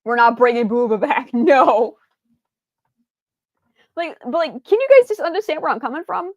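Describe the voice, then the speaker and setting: A woman's voice: high voice, normal speed, no room sound, dull audio. A woman streamer chatting casually, rambling with many fillers and restarts, stumbling over her words and answering viewers' chat.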